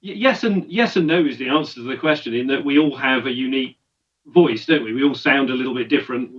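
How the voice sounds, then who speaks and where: A man's voice: mid-range voice, fast talker. British man, voiceover guest, friendly explaining, far-off muffled video call sound. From Britain. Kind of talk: casual interview chat. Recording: distant dull video-call audio.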